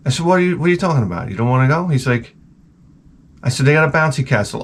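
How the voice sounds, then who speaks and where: Animated ranting man. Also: mid-range voice, quick pace, slightly rough. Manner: animated, swearing, storytelling. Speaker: video host. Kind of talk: comedic rant. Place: garage workshop.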